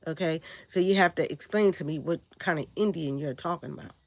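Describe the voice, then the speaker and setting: A woman's voice: deep voice, fairly quick, vocal fry, dry recording. A woman hosting a casual spiritual livestream, rambling and answering viewer comments as she goes.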